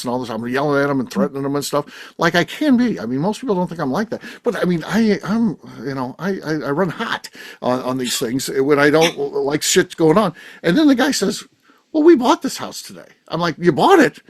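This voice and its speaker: A middle-aged man hosting a podcast, telling a rambling story in casual chat, animated and swearing freely. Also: fairly high pitch, fast talker. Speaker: podcast host.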